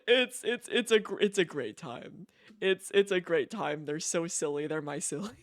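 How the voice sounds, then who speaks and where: A man's voice: on the high side, animated, normal speed, no room sound. Giggly streamer guy, dry close mic. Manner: giggly, repeats words and restarts often. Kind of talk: casual chat.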